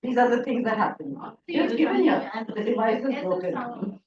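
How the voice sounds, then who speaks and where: A woman's voice: a little high, very animated, moderate pace, crowd noise. A woman with an Indian English accent, leading a pronunciation workshop for teachers in a chatty, encouraging way. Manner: encouraging, chatty, praises often. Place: classroom or hall. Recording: echoey, distant, dull sound.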